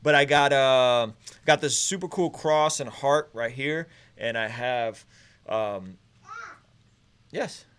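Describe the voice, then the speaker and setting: A man in his thirties hosting a casual live stream chat, talking in a relaxed, rambling way and calling out viewers with energy. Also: medium pitch, takes it slowly, clear, resonant tone, dry recording. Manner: relaxed, rambling, animated shout-outs. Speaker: host.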